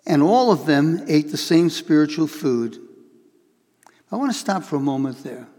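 A male pastor preaching a sermon, telling illustrations with lively acted-out voices and reading scripture aloud. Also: a little high, normal speed, in a large hall. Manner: animated storytelling, acts out voices in illustrations.

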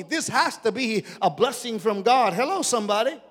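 A male pastor delivers a sermon in a notably high voice, telling the story with dramatic swings. His voice rings out with a long reverb, as if in a big hall. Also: moderate pace, few pauses. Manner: dramatic storytelling, voicing characters.

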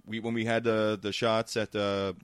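A man in casual chat, telling animated stories with frequent restarts. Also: on the low side, normal speed, clean tone, dry recording. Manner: animated storyteller with many restarts.

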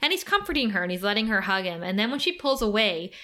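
Bright-voiced young woman recapping casually. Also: mid-range voice, quick pace. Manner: animated, laughing, swears freely. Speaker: podcast host.

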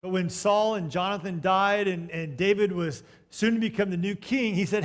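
A man delivers a storytelling sermon, his voice high and his speed normal with few pauses. He swings between loud bursts and hushed moments, tossing joking asides to the congregation.

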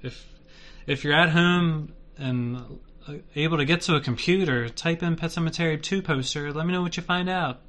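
A man's voice: a little high, normal speed, a bit bright. A man co-hosting a podcast in casual banter, easygoing, laughing along and steering the show. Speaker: podcast co-host.

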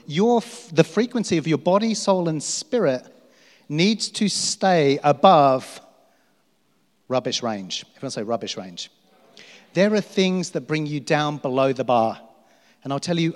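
Casting: middle-aged male pastor, slightly high voice, self-mocking storyteller, long hall reverb. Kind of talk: sermon.

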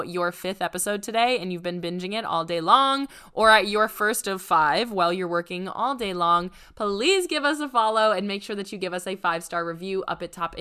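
Woman podcast host, sick and croaky, nasal, bright voice, peppy and chatty. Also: fairly low pitch. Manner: upbeat, chatty, emphatic. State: hoarse and congested from illness. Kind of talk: casual podcast chat.

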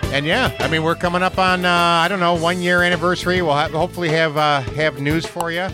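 A man's voice: fairly high pitch, steady tone, quick pace, over music. A man co-hosting a podcast in casual chat, easygoing and chuckling along with his partner. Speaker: podcast co-host.

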